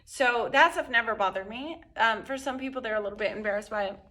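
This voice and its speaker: Middle-aged mom coach talking parents thru tantrums, bright voice, kinda high, chatty. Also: female voice, quick pace. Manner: conversational, acts out quotes with animated voices. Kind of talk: instructional talk to camera.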